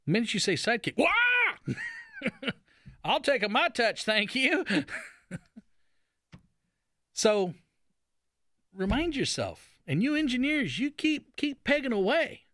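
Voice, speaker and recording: A man's voice: high-pitched, fairly bright tone, no room sound, studio quality. A man hosting a radio talk show, giving folksy, sarcastic commentary and acting out silly voices.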